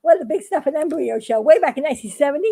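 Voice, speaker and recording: A woman's voice: high-pitched, expressive, very fast, vocal fry, warm tone. An older woman chatting in a casual, folksy how-to vlog, giggling often and rambling a bit between steps. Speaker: craft video maker.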